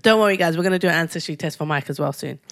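A woman's voice: on the low side, very fast, fairly bright tone, no echo, clean studio sound. A woman from Nigeria, co-hosting a podcast in casual chat, teasing her partner and laughing often. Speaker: podcast co-host.

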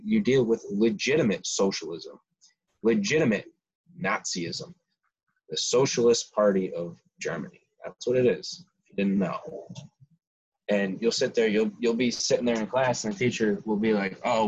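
A man's voice: lowish voice, normal speed, darkish tone, husky. A man around twenty, co-hosting a casual podcast, ranting his opinions heatedly with frequent restarts. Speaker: podcast co-host. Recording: dull lo-fi sound.

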